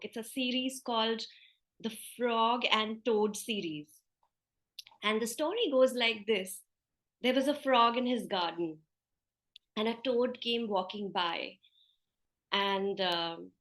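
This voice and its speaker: A woman meditation teacher giving a spiritual talk, telling a story in a gentle, conversational way. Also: on the high side.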